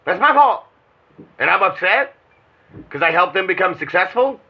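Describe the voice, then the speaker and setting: A husky man talks through a muffled, lo-fi phone call in a loose, rambling way. He swears often and circles back on his own thoughts. His voice sits a little high for a man. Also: very animated, moderate pace. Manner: rambling, swearing, self-reflective. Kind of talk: casual phone chat.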